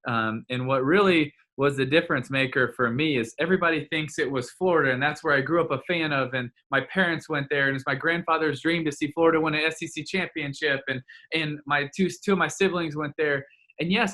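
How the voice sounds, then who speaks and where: A man's voice: fairly high pitch, fairly quick, pushed and bright. A man in his thirties, a former college player, answering earnestly in an interview and repeating words as he thinks.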